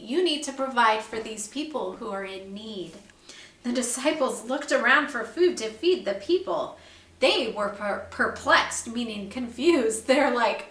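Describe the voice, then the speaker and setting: Woman, children's Bible lesson, patient teacher, asks questions, high voice, echoey room. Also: expressive, fairly bright tone. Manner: explains slowly and clearly, asks children questions. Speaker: second grade teacher.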